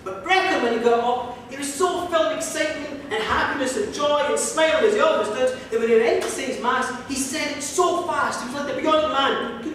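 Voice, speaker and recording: A man spins an old folk tale with a lilting, rhythmic telling. His voice sits high for a man and rings out in a museum hall with a long echo, picked up from far back. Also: brisk, few pauses, a bit bright, slight background noise. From Ireland. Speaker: storyteller. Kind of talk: live folk storytelling.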